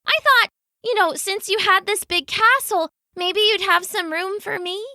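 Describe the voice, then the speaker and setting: A woman's voice: extremely high pitch, unhurried, bright, forceful tone, no echo, studio quality, pitched above the performer's own voice, exaggerated voice. A woman voicing a tiny, timid leaping louse who asks hesitantly for shelter. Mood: timid pleading. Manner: hesitant, pleading.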